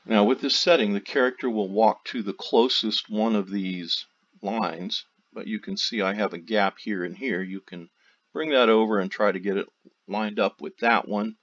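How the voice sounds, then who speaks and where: A man narrating a software tutorial, walking through steps one by one with loose, casual phrasing. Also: lowish voice, moderate pace. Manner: steady step-by-step explaining, loose phrasing. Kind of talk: screen-recorded tutorial narration. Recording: dull lo-fi audio.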